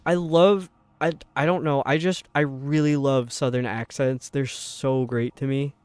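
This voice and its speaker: While gaming, a young man chats and rambles with viewers, punctuating things with quick laughs; he's from upstate New York and has a light accent there. The voice is mid-range, steady, darkish and clean, with no room sound.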